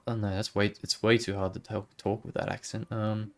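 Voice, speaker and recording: Low-voiced woman doing playful game commentary. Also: level tone, moderate pace, hardly any pauses, darkish tone, faint music behind. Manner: playful, murmured asides. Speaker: let's play gamer.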